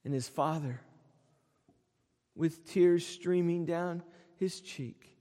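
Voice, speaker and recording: Slow high-voiced preacher in a reverberant hall. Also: male voice. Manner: earnest, dips quiet and slow for emotional quotes, swells on lists. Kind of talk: sermon.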